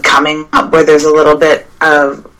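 A horror writer chats casually about her work, rambling and somewhat hesitant. Her low voice is monotone, moderately paced and fairly bright, and the rough recording comes through a remote call mic with feedback.

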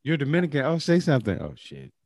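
A man's voice: fairly high pitch, huge pitch swings, fast, darkish tone, dry recording, clean studio sound. A man in casual chat, joking along and chiming in with short reactions and mock quotes. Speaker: friend listening in a casual chat.

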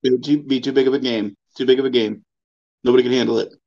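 A man's voice: medium pitch, fairly even intonation, fast talker, vocal fry. A man guesting on a podcast who chimes in with short, dry remarks. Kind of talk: casual chat. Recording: dull lo-fi mic.

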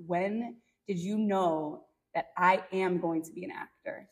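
A woman's voice: mid-range voice, a little slow, few pauses, darkish tone, slightly rough. A woman hosting a casual interview, affirming and encouraging her guest with frequent interjections. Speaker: interview host, nurse. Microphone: phone live stream.

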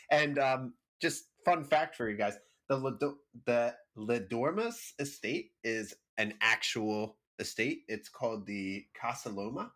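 A man's voice: mid-range voice, animated, takes it slowly, fairly bright tone. A man co-hosting a casual podcast, joking and laughing often as he chats about a film. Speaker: podcast co-host.

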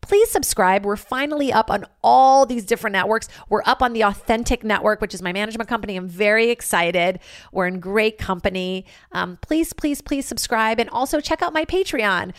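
A woman's voice: mid-range voice, brisk, dry recording, studio quality. A woman in her thirties hosting a podcast, telling stories casually with lots of "like" and swearing. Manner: animated, profane, filler-heavy with lots of "like". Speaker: podcast host. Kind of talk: casual comedic storytelling.

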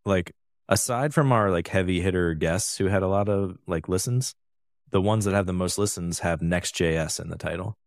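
A man co-hosting a podcast in casual, rambling chat, full of fillers and quick laughs. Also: low-pitched, no room sound, clean studio sound. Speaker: podcast co-host.

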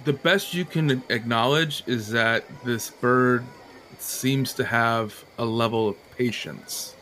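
A man running a tabletop game as game master, narrating with hesitant pauses and fillers. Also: mid-range voice, bright, forceful tone, a little hiss or hum.

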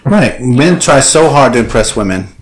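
A man's voice: medium pitch, expressive, moderate pace, reverberant. A man co-hosting a podcast in casual chat, brash and joking, swearing freely. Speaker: podcast co-host.

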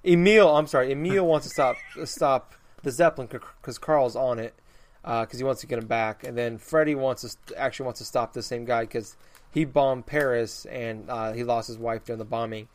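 A man's voice: medium pitch, fairly even intonation, a little fast. A man in an easygoing conversation, his voice sitting right in the middle of the usual range. He circles around his point, stumbling over words and starting sentences again and again. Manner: rambling, many restarts while explaining. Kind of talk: casual chat.

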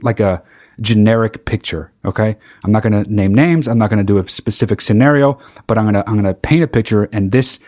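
A man hosting his own podcast and talking straight to the listener in a worked-up rant. He swears freely, stumbles and restarts as he builds up steam. His voice sits at an ordinary middle pitch for a man. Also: darkish tone. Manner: heated, profane ranting with frequent restarts. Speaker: podcast host. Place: very hot recording space.

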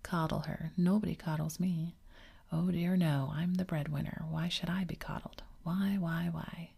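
Whispered role-play; woman voicing a proud, touchy father, husky and low. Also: little pitch movement, normal speed, warm tone, heavily acted. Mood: blustering. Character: proud, blustering father, middle-aged man.

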